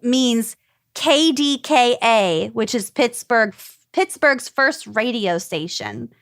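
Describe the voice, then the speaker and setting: A woman's voice: a little high, expressive, takes it slowly. A woman co-hosting a casual podcast, playfully explaining regional slang words and acting out examples. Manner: playful, reads out regional vocab words and mimics them. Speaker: podcast co-host. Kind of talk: casual chat.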